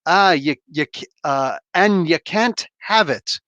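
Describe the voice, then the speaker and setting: A man's voice: on the high side, lively intonation, slow pace, pushed and bright, dry recording, muffled recording, heavily acted. A man reading the boastful lines of a young woman fighter in close to his own voice.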